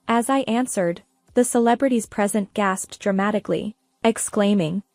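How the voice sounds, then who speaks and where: A woman narrating a first-person revenge story in a steady, even manner. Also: mid-range voice, normal speed, dry recording, faint music behind.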